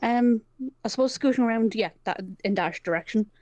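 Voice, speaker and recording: A woman's voice: fairly high pitch, a little fast, a little mellow, lo-fi sound. A woman playing a tabletop game, thinking her moves through aloud and trailing off mid-sentence. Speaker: player. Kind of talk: casual tabletop game play.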